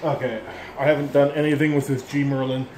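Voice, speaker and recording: A man's voice: mid-range voice, little pitch movement, a little fast, a little mellow, slight background noise. A middle-aged man giving a casual music lesson, explaining bluntly and rambling, calling himself an ass for it. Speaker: instrument teacher. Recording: echoey room with instrument playing.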